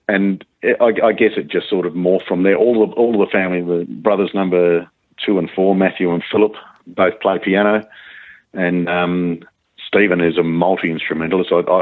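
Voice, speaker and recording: A male guitarist chatting in an interview, halting, with many restarts and fillers. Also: deep voice, no room sound. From Australia. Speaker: guitarist guest. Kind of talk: casual interview chat. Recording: tinny phone-like line.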